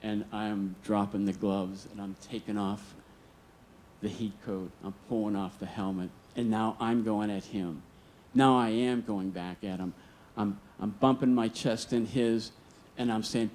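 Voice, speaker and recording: A man's voice: on the low side, steady tone, measured pace, a little mellow, a little hiss or hum. A man telling a personal story live on stage, earnest and vivid, acting out the dialogue. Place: stage at a museum storytelling event.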